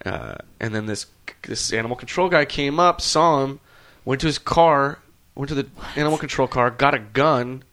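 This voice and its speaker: A man's voice: medium pitch, normal speed, a bit bright. A man co-hosting a comedy podcast, telling stories in casual chat and swearing freely.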